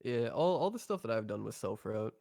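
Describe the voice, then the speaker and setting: A man's voice: lowish voice, big pitch swings, brisk, creaky, warm tone, dry recording, clean studio sound. A young man co-hosting a podcast, chatting casually in a laid-back, rambling way at a microphone. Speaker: podcast co-host. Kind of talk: casual chat.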